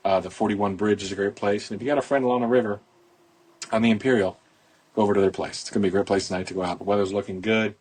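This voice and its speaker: Husky-voiced man chatting outdoors on a phone. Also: on the low side, steady tone, rapid-fire, darkish tone. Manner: rambling, folksy promotional chatter. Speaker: podcast host, boat club owner. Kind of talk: casual podcast chat.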